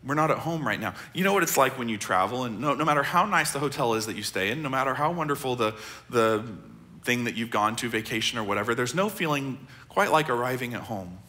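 A middle-aged American man, a pastor, preaching a sermon in a conversational, earnest way, often dropping his voice soft. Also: medium pitch, lively intonation, fast. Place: large church auditorium.

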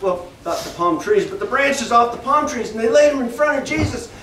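Man, children's Sunday school teacher, animated storytelling, slow, echoey classroom, distant mic, faint hiss. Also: very high-pitched. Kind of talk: Bible story lesson for children. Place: church classroom.

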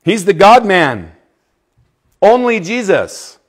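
Emphatic preaching man, slightly high voice. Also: sing-song, slow. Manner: emphatic, swinging from loud to hushed; asks the audience questions. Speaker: youth preacher. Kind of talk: sermon.

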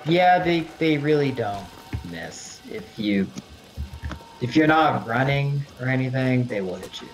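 A man's voice: medium pitch, expressive, a little slow, faint music behind. A man co-hosting a game stream, easygoing and a bit hesitant, with frequent laughs. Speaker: co-host and producer. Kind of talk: casual chat while gaming.

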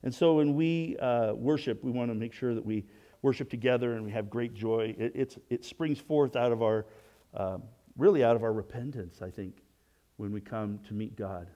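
Speaking at a normal speed with a medium pitch, a pastor delivers a conversational sermon over lo-fi sound. He asks rhetorical questions, frequently starts his sentences over, and sinks into a soft hush for prayers.

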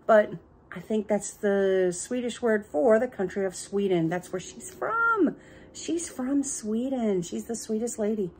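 A chatty middle-aged woman showing off her thrift store finds in a casual home vlog, gushing over little items. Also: mid-range voice. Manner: chatty, excitable, gushes over small finds. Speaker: thrift haul vlogger.

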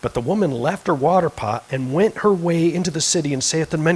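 A man preaching a sermon in a church, swinging between quiet conversational asides and impassioned, emphatic peaks. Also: on the high side, fast talker, hardly any pauses, a little hiss or hum, rough recording. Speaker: pastor. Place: church sanctuary.

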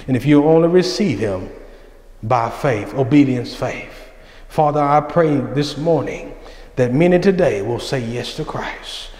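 A man's voice: fairly high pitch, darkish tone. A man, a senior minister, delivering a sermon in a fervent, pleading preacher's cadence. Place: church sanctuary. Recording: echoey church hall.

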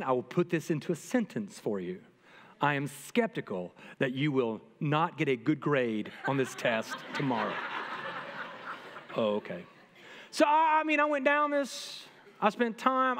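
A middle-aged man, a pastor, preaching a sermon to his congregation in a lively, humorous way that speaks straight to the people. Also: a little high, a little hiss or hum. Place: church sanctuary. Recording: long reverb from a church hall.

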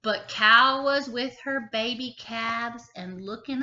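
A woman kindergarten teacher reading a picture book aloud, expressive and stopping to ask the children questions. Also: fairly high pitch, slow pace, few pauses. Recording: echoey room, slightly dull sound.

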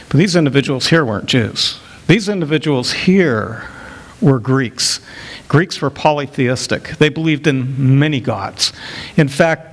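A middle-aged male pastor preaching an expository sermon, rising to emphatic peaks when he quotes scripture. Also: a little high.

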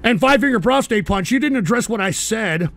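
A man's voice: high voice, lively intonation, a little fast, creaky, a bit bright. A middle-aged American man hosting a radio talk show, ranting profanely and abrasively at his chat. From United States.

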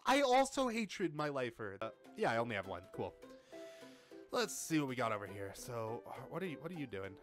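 A man's voice: mid-range voice, fairly quick, soft background music. A man streaming a game, joking and laughing as he comments casually. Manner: joking, animated, laughs often, lots of fillers.

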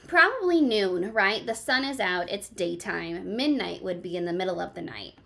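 Woman teacher, picture-book read-aloud, lively swinging pitch, encouraging, asks questions. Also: normal speed, vocal fry. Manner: questioning, encouraging, addressing children by name.

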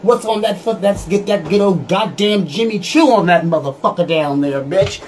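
A man's voice: sits high, moderate pace, noisy background, natural voice. A man playing a flamboyant, bossy male mortician diva, delivering a brash, profane comedy monologue with an insult tacked onto almost every line. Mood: sassy ranting. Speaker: comedic character.

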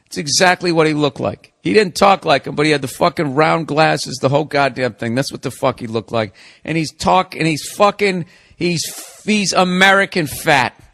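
A man's voice: fairly high pitch, moderate pace, vocal fry, a bit bright. Man, podcast host, comedic monologue, profane, ranting storyteller.

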